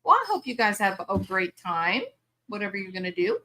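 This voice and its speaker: A woman's voice: medium pitch, very animated, fairly quick, sharp tone. A chatty, bubbly older woman, hosting a casual live stream and laughing often. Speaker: livestream host.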